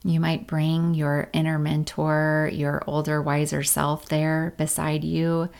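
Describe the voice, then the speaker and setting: A woman, around her thirties, gently guiding a meditation practice in a calm, unhurried way, at times drawing on her own life as a parent. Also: deep voice, gravelly. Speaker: meditation guide. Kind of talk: guided meditation.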